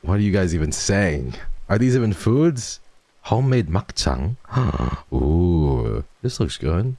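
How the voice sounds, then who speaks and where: Very deep gravelly man, playful streamer. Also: big pitch swings, measured pace, dry recording. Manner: playful and teasing, swings between loud bursts and hushed murmurs; swears freely. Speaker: livestreamer. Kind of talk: casual livestream chat, reading donations.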